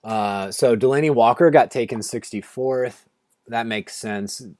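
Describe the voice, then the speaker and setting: A man's voice: mid-range voice, unhurried, darkish tone, dry recording, clean studio sound. A man co-hosting a fantasy football draft stream, talking casually and rambling with many restarts. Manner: rambling, restarts, says "like" a lot. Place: home, on a video call.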